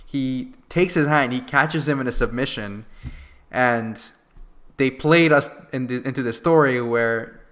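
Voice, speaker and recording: A man's voice: medium pitch, unhurried. Chatty man retelling a wrestling show. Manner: animated retelling with many fillers. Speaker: podcast co-host. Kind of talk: casual wrestling review chat.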